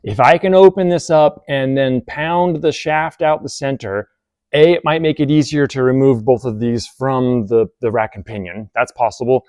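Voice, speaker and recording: A man's voice: medium pitch, normal speed, darkish tone, clean tone, dry recording. A man narrating casually as he takes a tractor apart in his workshop, thinking aloud and poking fun at himself. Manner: thinking aloud, self-deprecating, bursts of amused laughter. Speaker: hobby mechanic vlogger.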